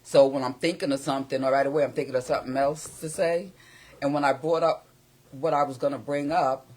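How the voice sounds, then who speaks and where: A man's voice: mid-range voice, steady tone, brisk, darkish tone. An older man who is a guest on a chat show, speaking bluntly and candidly as his thoughts jump around. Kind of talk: casual chat. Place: small studio.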